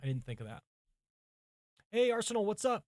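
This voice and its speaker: A man's voice: high-pitched, sing-song, moderate pace, no echo, clean studio sound. Male pastor thinking aloud over commentaries. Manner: thinking aloud, chatting with viewers between readings. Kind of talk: livestream sermon prep, reading commentaries aloud. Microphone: mic set far from him.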